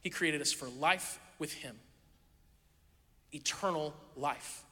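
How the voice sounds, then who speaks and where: A pastor with a high, very bright voice delivers a sermon in a conversational, storytelling way, slipping into playful asides. A man heard in a church sanctuary with a long reverb trailing his words. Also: takes it slowly.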